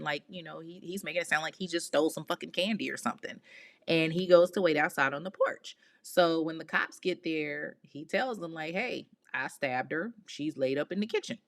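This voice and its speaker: A woman hosting a podcast, telling a true-crime story in a casual, animated way, with outspoken, exasperated asides in slang. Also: fairly low pitch. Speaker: podcast host.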